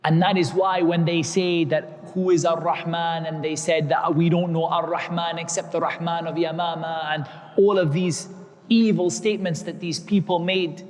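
A man with a high voice teaches a religious lesson, slowly repeating key words so they sink in. He works Arabic terms into his English as he explains. His voice rings out with a long echo, as in a large hall. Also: little pitch movement.

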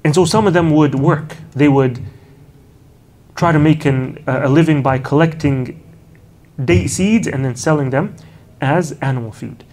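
A man giving an unhurried lecture on early Islamic history, telling stories and often adding Arabic honorifics and casual "you know" asides. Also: on the high side, a little mellow.

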